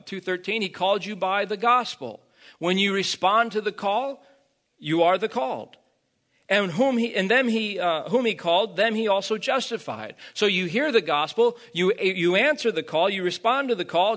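A man in his thirties preaching a sermon, stumbling and repeating words, then rising to loud emphatic peaks. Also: on the high side.

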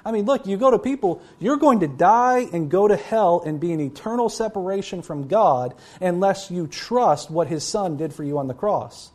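A male preacher delivering a Bible sermon with emphatic, driving delivery. His voice sits a little high for a man. He reads scripture passages in a stern, weighty tone. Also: lively intonation, moderate pace, few pauses, darkish tone.

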